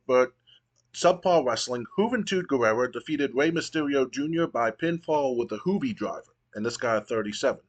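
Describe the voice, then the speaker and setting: A man's voice: medium pitch, expressive, moderate pace. A man casually narrating his wrestling management game, storytelling loosely with fillers. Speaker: game streamer.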